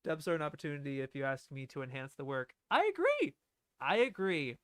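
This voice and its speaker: Young male streamer, lively swooping delivery, slightly high, dry close sound, animated commentary. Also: brisk, clear, resonant tone, dry recording. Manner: animated, laughing, quotes lines aloud. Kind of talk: casual film-commentary stream.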